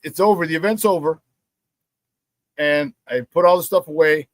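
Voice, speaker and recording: A man's voice: on the high side, normal speed, dry recording. A man hosting a casual sports talk show, plugging merchandise and telling stories while acting out the quotes. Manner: animated storyteller, acts out quotes.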